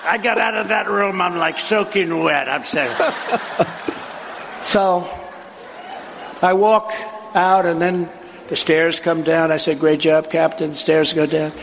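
A man's voice: on the high side, steady tone, slow pace, pauses often, fairly bright tone, a little hiss or hum. A man giving a rambling, anecdotal speech at a live event, boastful and digressive, acting out dialogue as he tells the story. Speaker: political speaker at a live event.

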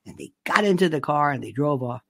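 Gravelly, chatty male commentator, dry sound. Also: a little high, expressive, fairly quick, no room sound. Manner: chatty, emphatic, repeats himself for stress. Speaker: online commentator. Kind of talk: casual commentary to camera.

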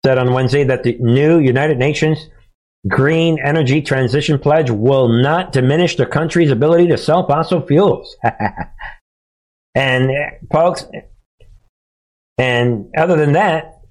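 A man's voice: a little high, measured pace, pauses often, a little mellow. A man hosting a political commentary monologue, talking in a chuckling, sarcastic, conversational way. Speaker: commentary show host.

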